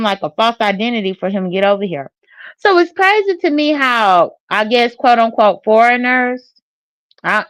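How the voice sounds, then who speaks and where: A woman's voice: medium pitch, dry recording. A woman co-hosting a casual commentary show, rambling and hesitant, with many fillers.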